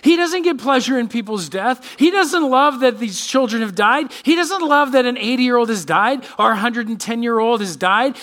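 A male pastor preaching with a high, bright voice that swings widely in pitch. He reads scripture aloud and slips into quick voices for the people he quotes. His delivery is expressive, rising and falling with emphasis. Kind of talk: sermon. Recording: church podcast sermon.

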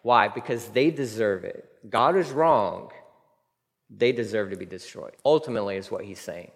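A man preaching a sermon in a church, animated and humorous, with emphatic repetition. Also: mid-range voice. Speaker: pastor. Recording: long hall reverb.

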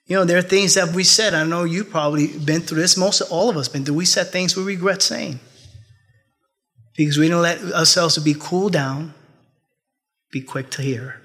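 A pastor preaching a sermon, emphatic and repetitive, with laughing asides. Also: male voice, on the high side, moderate pace, a bit bright. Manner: laughs at his own jokes.

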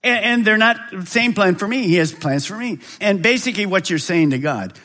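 With a very animated manner and an ordinary pace, a man preaches to his large church as its pastor. He swings dramatically between loud, high-pitched calls and quiet, low falls.

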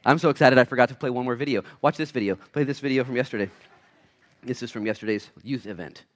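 A man pastor giving a sermon in church, swinging between quiet asides and loud, fired-up preaching. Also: medium pitch, quick pace. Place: church sanctuary.

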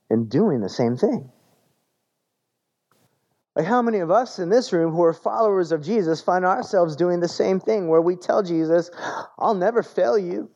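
Guy preaching a chatty sermon, mellow voice, kinda lo-fi sound. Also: a little high. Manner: conversational, repeats words while searching for phrasing. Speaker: pastor.

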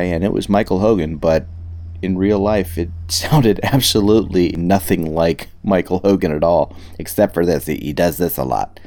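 A man's voice: sits low, darkish tone. A man hosting his own podcast, chatting in a rambling, jokey, self-deprecating way. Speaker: podcast host. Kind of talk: casual chat.

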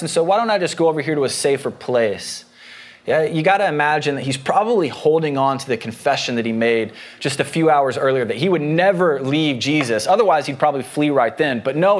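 A man preaching a sermon as pastor in a conversational way, explaining a passage with homely personal anecdotes. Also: a little high.

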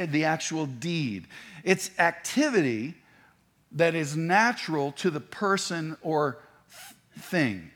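A man's voice: on the high side, a bit bright. A man preaching a sermon, talking in a conversational way with asides and restarts. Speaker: pastor.

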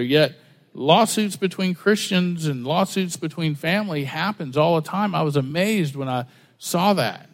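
A man preaching a conversational sermon, folksy and full of stories and rhetorical questions. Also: high voice. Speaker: pastor.

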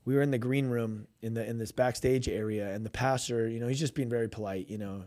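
A man chatting on a Christian radio show about his ministry. He talks loosely and animatedly, stumbles over restarts and acts out what people said. His voice sits at a middle pitch. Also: fairly even intonation, fast, dark tone. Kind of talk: casual storytelling chat.

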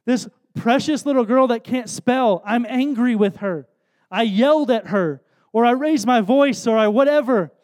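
High-voiced earnest male preacher. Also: normal speed, darkish tone. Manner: earnest, conversational, self-deprecating asides. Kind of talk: sermon.

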